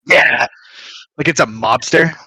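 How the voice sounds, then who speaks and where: Bright, teasing man at the game table. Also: mid-range voice, slow, breathy edge, no room sound, rough recording. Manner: teasing, pleading, joking. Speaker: player.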